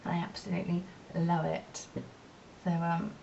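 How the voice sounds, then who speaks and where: Woman vlogger, rambling and self-mocking, recorded a bit far off with faint rumble. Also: completely flat delivery, moderate pace, gravelly, mellow. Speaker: beauty vlogger. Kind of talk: casual chat while doing makeup. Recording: distant, dull lo-fi mic with faint rumble.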